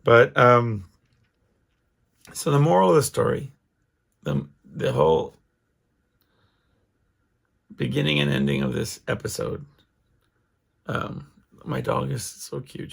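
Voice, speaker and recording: A man's voice: medium pitch, normal speed, creaky, long pauses, husky. A middle-aged man hosting his own podcast, talking alone in a casual, rambling way with lots of restarts and fillers. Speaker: podcast host. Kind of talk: casual solo monologue.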